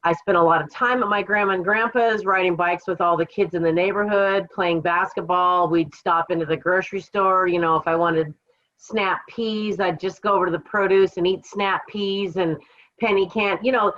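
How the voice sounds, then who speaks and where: A woman from the Kittitas Valley in Washington State, USA, tells her life story as a podcast guest in a casual interview, speaking reflectively and without hurry, with some fillers. Her voice is fairly low, a bit bright, and fairly even in intonation, while the slightly dull, lo-fi audio resembles a remote call line.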